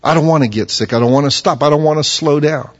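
A man's voice: on the high side, fast talker. Man preaching a fervent sermon, muffled sound. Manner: reads scripture aloud, rising to fervent emphasis. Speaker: pastor. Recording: dull lo-fi recording.

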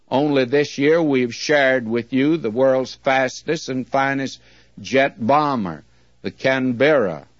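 Male preacher, American, unhurried and earnest; dry, dull old recording. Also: medium pitch, dry recording. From United States. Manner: measured, earnest preaching with slow emphatic readings. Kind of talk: sermon.

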